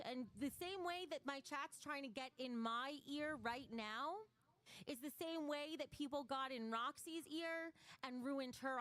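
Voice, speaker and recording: A woman's voice: sits high, a bit bright. A woman hosting a livestream, talking bluntly and emotionally to her chat, with a lot of swearing. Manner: blunt and profane, emotional, reading chat donations. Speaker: livestream host. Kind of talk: casual livestream chat to viewers.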